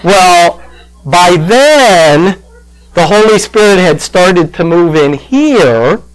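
An older male pastor telling a personal story in a sermon, slow and emotional, choking up at times. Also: high-pitched, expressive, rough recording.

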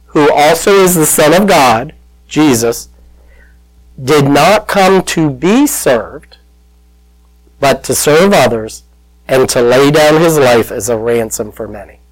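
A man's voice: fairly high pitch, rough recording. A man preaching a sermon as pastor, retelling a story and acting out the voices in it. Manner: storytelling, acts out quoted voices, calls out to listeners.

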